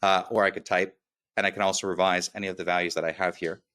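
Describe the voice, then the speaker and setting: Webinar presenter, male, slight lisp, flat low delivery, energetic product walkthrough. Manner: upbeat, quick, with filler "right?" checks. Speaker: software demo presenter.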